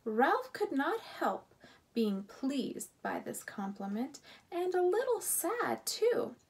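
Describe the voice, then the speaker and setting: A woman reads a children's storybook aloud, telling it with expressive, animated delivery. Her voice sits fairly high and moves up and down a great deal. She keeps an unhurried pace, with a slightly husky tone. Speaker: storybook reader.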